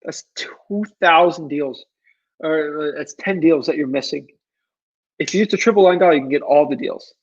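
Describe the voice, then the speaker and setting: A man's voice: fairly high pitch, normal speed, husky, lo-fi sound. A man giving casual advice while answering viewer questions, earnest and pleading, rambling with lots of fillers. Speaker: real estate wholesaler answering viewer questions.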